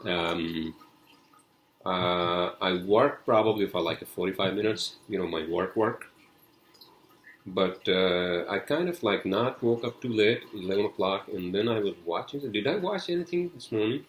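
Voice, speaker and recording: A man's voice: low-pitched, a little slow, roomy sound, low-quality recording. A man hosting his own podcast, chatting casually and rambling, swearing often and saying "you know" constantly, with a non-native accent. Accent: non-native accent, unnamed. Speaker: podcast host. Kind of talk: casual solo podcast chat.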